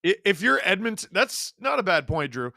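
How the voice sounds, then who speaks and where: In a high, sharp, somewhat creaky voice, a man runs through live play-by-play of the game he's watching, shouting when a big chance appears. He talks at normal speed in an excitable stream, and the recording is close and dry with no room echo.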